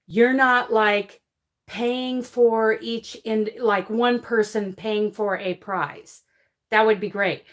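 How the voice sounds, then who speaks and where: A woman hosting a casual livestream and answering viewer comments, emphatic and emotional, often apologizing and laughing between points. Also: medium pitch. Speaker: crochet livestream host.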